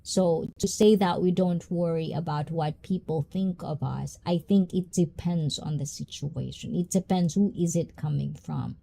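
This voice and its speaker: Female host, slow and reflective, filler-heavy casual chat; low, mellow voice. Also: vocal fry, a little hiss or hum. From Japan. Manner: reflective, drawn-out, with many fillers and asides. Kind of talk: casual live-stream chat.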